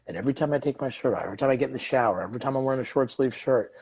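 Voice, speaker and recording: Speaking very fast, this guest author has a mid-range voice with a breathy edge. He's in a conversational interview, telling stories with gusto and performing the quoted lines.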